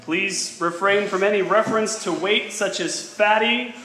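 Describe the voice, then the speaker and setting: A man interviewing backstage and reading a formal statement aloud in a measured way, with dry asides. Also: high voice, sharp tone, roomy sound, a little hiss or hum, low-quality recording.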